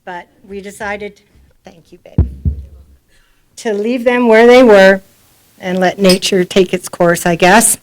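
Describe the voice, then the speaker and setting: A woman's voice: mid-range voice, steady tone, slow pace, pauses often. A middle-aged woman speaking as a grieving mother at a memorial, talking off the cuff in a rambling, informal, heartfelt way in a community centre hall. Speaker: grieving mother giving a eulogy. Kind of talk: unprepared memorial speech.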